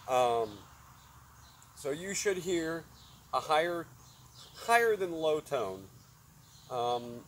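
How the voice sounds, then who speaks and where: A man's voice: fairly high pitch, low-quality recording. A man reviewing a metal detector outdoors, casually calling out each tone as he tests coins and metals. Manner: plainspoken, calls out tones as he tests. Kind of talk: casual product demonstration. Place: outdoors in a yard. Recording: outdoor noise behind the voice.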